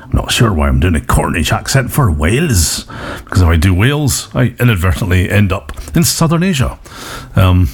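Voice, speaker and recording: A man's voice: deep voice, sing-song, normal speed, breathy edge. A man hosting a rock radio show, rambling through jokey banter between songs.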